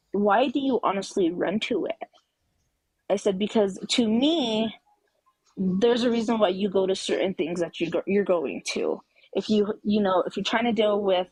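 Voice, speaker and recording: A woman's voice: mid-range voice, darkish tone, breathy edge, no echo, rough recording. A woman caller on a live talk show telling a personal story emphatically, acting out the quoted dialogue. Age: adult with children.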